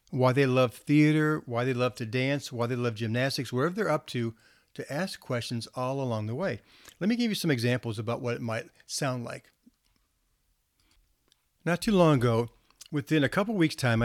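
Speaking at medium pitch, the male counselor tells stories to a group of parents in a relaxed way, with occasional small restarts. The audio is clean studio sound with no room noise.

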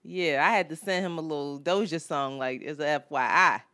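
Animated, foul-mouthed woman podcast host. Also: low voice, fairly quick. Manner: animated, profane storytelling with frequent laughs. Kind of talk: casual chat.

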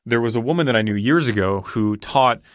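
A man's voice: medium pitch, lively intonation, a little fast, no echo, clean studio sound. A man talking confidently and explaining with examples in a casual conversation. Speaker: negotiation guest.

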